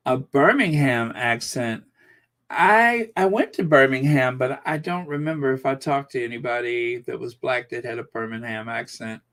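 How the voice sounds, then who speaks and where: A man's voice: mid-range voice, moderate pace, fairly bright tone. A man hosting a casual live stream, chatting in a musing way and reading out viewer comments, with many fillers and restarts.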